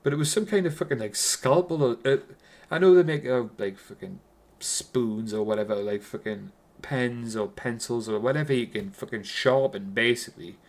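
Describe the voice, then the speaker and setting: A man's voice: medium pitch, moderate pace, hardly any pauses. A man with a Geordie accent giving a casual, rambling film review, swearing constantly and restarting his sentences.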